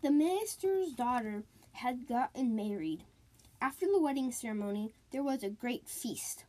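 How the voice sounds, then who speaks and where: Storyteller woman, slow, spooky tales, repeats lines in a sing-song way, soft mellow voice. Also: fairly high pitch, poor audio. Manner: sound words and sing-song repetition.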